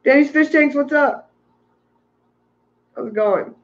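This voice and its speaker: A man's voice: very high-pitched, slow pace, highs cut off. A tired man hosting a casual livestream about aquarium fish, rambling and ranting while reading out chat messages. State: tired from little sleep.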